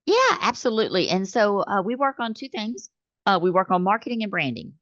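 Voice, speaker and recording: A woman, a business owner being interviewed, who talks in an animated way and acts out her customers' phone calls. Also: medium pitch, fairly quick, no room sound. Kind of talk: conversational interview. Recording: slightly dull dry recording.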